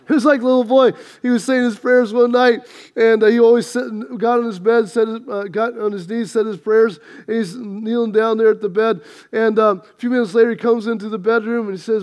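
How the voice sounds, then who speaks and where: A man's voice: very high voice, brisk. A male pastor preaching a sermon, building emphasis and mixing in humor.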